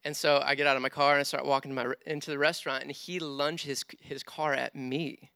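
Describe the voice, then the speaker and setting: Bright, animated male pastor preaching. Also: medium pitch, a little fast, gravelly, smooth, dry recording, clean studio sound. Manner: animated, self-deprecating humor. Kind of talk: sermon with storytelling.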